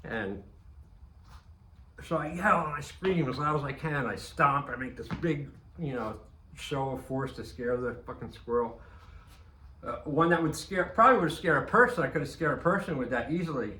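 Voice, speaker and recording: A man's voice: mid-range voice, lively intonation, moderate pace, sharp tone, reverberant, slight background noise, low-quality recording. A man telling a casual, rambling anecdote, swearing often and restarting his sentences. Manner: rambling, profane, frequent restarts and fillers. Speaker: storyteller.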